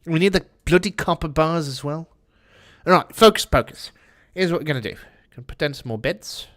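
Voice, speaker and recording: A man's voice: on the high side, brisk, fairly bright tone. A man streaming a game, chatting with viewers and cursing casually in a put-on British accent. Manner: chatty, swears often, answers chat while playing. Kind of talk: casual gameplay commentary.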